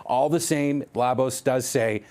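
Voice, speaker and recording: A man's voice: medium pitch, measured pace, a little mellow. A male news reporter explaining a story live on air in a conversational, explanatory way, with occasional restarts.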